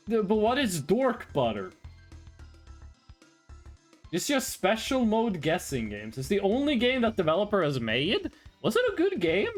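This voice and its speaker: A casual live-stream talker reacting to chat, blunt and quick to swear. The voice sits in a middle register but swings up and down a lot. Soft music plays faintly behind. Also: mid-range voice. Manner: animated, blunt, swears and laughs often.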